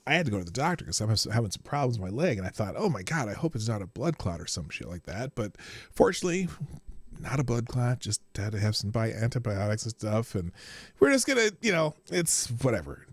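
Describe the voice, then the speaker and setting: A man's voice: lowish voice, big pitch swings, brisk, breathy edge, dry recording. A man hosting a casual live stream, rambling about his day and greeting viewers by name. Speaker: livestream host.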